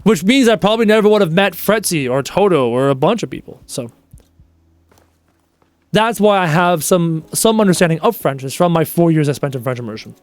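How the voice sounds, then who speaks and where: A man's voice: on the high side, lively intonation, fairly quick, no echo. A young Canadian man streaming a game and chatting casually with viewers in a rambling, joking way. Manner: rambling, chatty, jokes and bursts into quoted bits.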